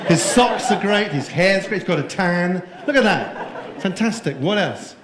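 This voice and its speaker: Keynote speaker, male, slightly high-pitched, playful and joking with the audience, roomy echo with faint hiss. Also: lively intonation, measured pace, a bit bright, a faint crowd. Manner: playful, jokey, quizzes the audience. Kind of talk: conference keynote talk. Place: conference room before a live audience. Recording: echoey room.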